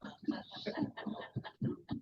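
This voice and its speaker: Swami teaching scripture. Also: male voice, very slow, a little mellow. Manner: earnest teacher who laughs often and tells stories. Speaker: swami giving a scripture talk. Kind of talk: spiritual discourse. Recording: distant, dull lo-fi room recording.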